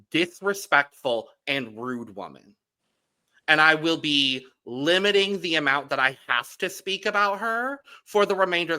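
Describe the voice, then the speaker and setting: A man's voice: mid-range voice, sharp tone. A man co-hosting a podcast, giving blunt, emphatic opinions in casual chat. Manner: blunt, emphatic, piles up pointed adjectives. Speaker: podcast co-host. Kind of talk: casual reality-TV recap chat.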